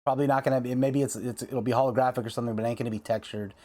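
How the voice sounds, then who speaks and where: A man with a voice of everyday pitch, talking off the cuff to his viewers about trading cards. He rants with heat, circling back over the same words and dropping fillers as he goes. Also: steady tone, very fast, dark tone. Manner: heated, repetitive ranting with many fillers. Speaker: card game video host. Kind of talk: casual ranting vlog.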